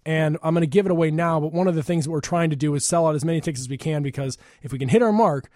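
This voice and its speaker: Guy hosting a radio show, talks fast and rambles, dry close studio mic. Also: a little high, a little mellow, no room sound. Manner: rambling, chatty, quick to laugh. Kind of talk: casual radio talk.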